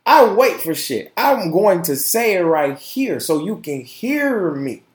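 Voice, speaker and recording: A man hosts his own podcast in an impassioned, cursing rant that keeps doubling back on its words. He talks slowly, and his pitch jumps wildly between quiet, low asides and loud, high outbursts. The room around him rings with echo. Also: sing-song. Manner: impassioned, profane, repeats words, swings from shouting to quiet. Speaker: podcast host. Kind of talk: casual opinion podcast monologue.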